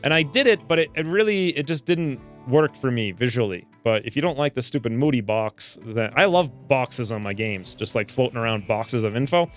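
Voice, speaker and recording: A man commentating his own gameplay in a jokey, animated way, slipping into squeaky voices for the characters. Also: normal speed, hardly any pauses, faint music behind. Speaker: gaming video host. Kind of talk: let's play commentary.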